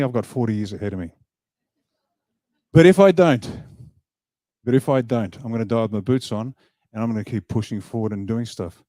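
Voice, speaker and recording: A man's voice: medium pitch, no echo, studio quality. A man giving an emphatic motivational speech at an event, joking with the crowd. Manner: emphatic, animated, jokes with the crowd. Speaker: party leader giving a speech. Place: event hall.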